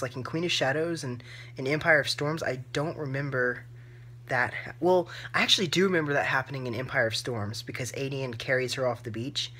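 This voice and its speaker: A woman's voice: extremely low pitch, fairly quick, fairly bright tone, husky. A woman book vlogger reacting live to her reading, emotional and gushing, close to tears and full of "like" fillers.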